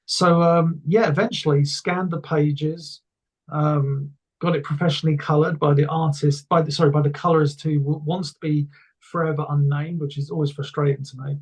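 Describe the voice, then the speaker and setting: A man's voice: on the high side, flat delivery, normal speed, a little mellow, slightly rough. A man being interviewed, telling stories in a rambling, enthusiastic way with many restarts. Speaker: interview guest. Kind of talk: casual conversation.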